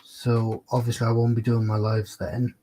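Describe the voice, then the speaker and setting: A man's voice: medium pitch, completely flat delivery, normal speed, warm tone, a little hiss or hum, low-quality recording. A man hosting a casual livestream chat, laid-back and easygoing. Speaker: livestream host.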